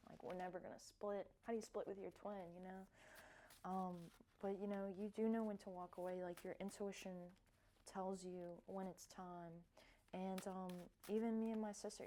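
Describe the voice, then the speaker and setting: A woman vlogger talking casually and softly, with lots of fillers and restarts, as she reflects on cards she has drawn. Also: mid-range voice, a little hiss or hum. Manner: soft-spoken, hesitant with many fillers. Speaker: wellness vlogger.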